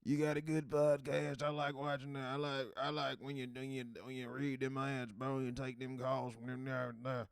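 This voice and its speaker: A man's voice: medium pitch, flat delivery, normal speed, vocal fry, hardly any pauses, clean tone, no room sound, clean studio sound, voice pushed up, close to an everyday voice. A man voicing a friendly country fan with a put-on drawl, repeating himself as he stumbles.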